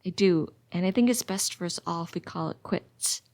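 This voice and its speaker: Woman reader playing a disgusted man calling it quits, low gravelly tone, firm and blunt. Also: normal speed, a little mellow, no echo, natural voice. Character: troubled man ending a relationship.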